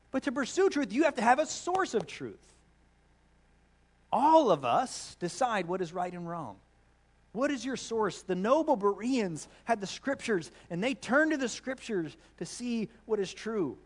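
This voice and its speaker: A man in his thirties preaching a sermon, animated and storytelling with playful asides. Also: sits high. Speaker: pastor.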